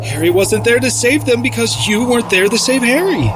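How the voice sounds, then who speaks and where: An actor in a live radio play voicing a gentle, patient male guardian angel who calmly explains things. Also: very high voice, brisk, noisy background. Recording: music under the voice.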